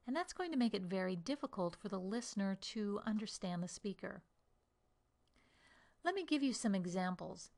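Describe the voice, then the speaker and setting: An American woman giving a pronunciation lesson, speaking slowly and deliberately and stretching syllables to demonstrate them. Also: mid-range voice. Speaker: accent coach.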